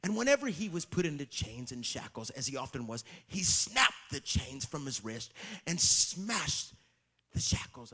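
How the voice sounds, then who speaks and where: A man preaching a sermon, telling stories and calling out to the crowd, with sudden swings from shouting to hushed whispers. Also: mid-range voice, big pitch swings, moderate pace. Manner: storytelling, calls out to the crowd.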